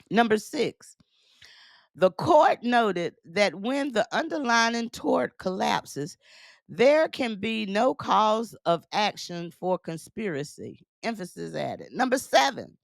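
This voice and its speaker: A woman's voice: medium pitch, vocal fry, fairly bright tone, dry recording, clean studio sound. A woman news commentator reading aloud from a court order and breaking in with emphatic remarks, repeating phrases as she goes.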